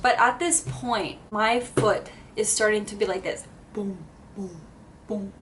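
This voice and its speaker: A woman vlogger telling a dramatic story time, animated and salty with swearing. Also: mid-range voice, measured pace, slight background noise. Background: background music.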